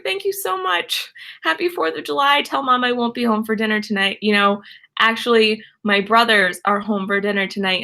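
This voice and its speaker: A woman's voice: fairly high pitch, gravelly. A young woman hosting a casual live stream from home, gushing with thanks as she reads out viewer messages. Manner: gushing and effusive, many thanks and soft laughs.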